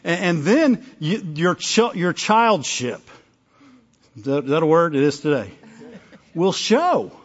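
A pastor with a fairly high voice and big pitch swings preaches in a conversational style, a little slowly and with many pauses. He keeps interrupting himself to act out little dialogues, and the recording is dull and lo-fi.

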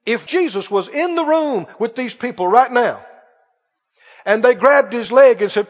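A man preaching a sermon with emphasis, slowly drawing out quoted pleas and scripture. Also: very high-pitched, expressive. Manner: emphatic, drawn-out quoting of pleas. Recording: dull recording in a reverberant hall.

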